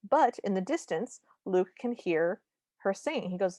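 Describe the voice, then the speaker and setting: A woman's voice: mid-range voice, lively intonation, a little slow, mellow, no echo, clean studio sound. A woman co-hosting a podcast, recapping a movie in casual chat with wry, humorous asides. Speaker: podcast co-host.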